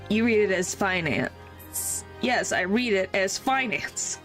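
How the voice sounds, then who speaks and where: A woman's voice: medium pitch, unhurried, fairly bright tone. A woman streamer chatting casually and giggling while reading through a game. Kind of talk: casual gameplay commentary. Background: game music.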